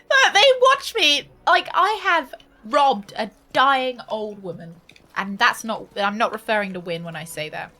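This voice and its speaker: Soft music plays behind this British woman's game stream, where her mid-range voice sounds animated, unhurried, bright and forceful. She chats casually, laughing, cursing freely and ranting with theatrical, mock outrage.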